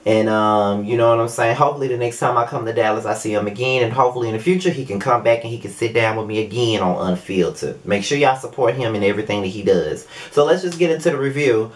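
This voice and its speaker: A man's voice: medium pitch, fast, few pauses. A young man hosting his own video review show, talking casually and animatedly with plenty of swearing and filler asides. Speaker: show host reviewing a reality series.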